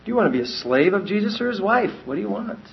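Animated husky male preacher, lo-fi. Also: high voice, fast. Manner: animated, acts out quoted voices. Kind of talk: sermon. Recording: dull lo-fi recording.

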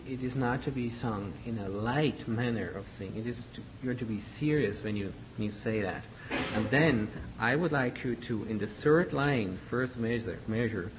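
A man directing a choir rehearsal, giving patient, halting instructions on how to sing each line. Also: medium pitch. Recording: dull lo-fi recording with faint noise.

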